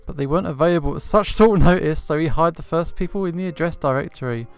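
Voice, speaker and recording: Man voicing a chattering young cat lady, prim and naive, smooth tone, faint music behind. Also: on the high side, fast talker. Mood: childlike. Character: young noble cat girl, polite and naive.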